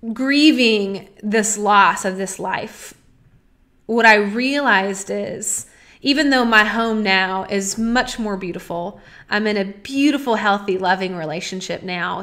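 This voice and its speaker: A woman's voice: mid-range voice, fairly bright tone. A woman in her thirties hosting a podcast, giving an earnest and emotional personal monologue that builds to heartfelt pleas. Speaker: podcast host.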